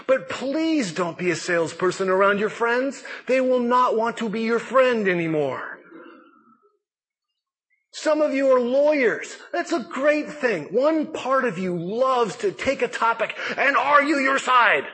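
A middle-aged pastor speaks in a casual, conversational sermon, his voice sitting high for a man. There is a husky edge to his tone. He mixes self-deprecating asides into his teaching, with animated turns of phrase. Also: measured pace.

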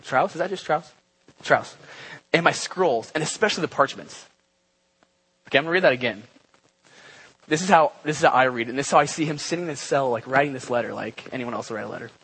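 Young man, husky voice, casual sermon, conversational, frequent fillers. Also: mid-range voice, quick pace, pauses often, rough recording. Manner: relaxed and conversational, many fillers and asides. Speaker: speaker giving a church talk. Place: church gathering.

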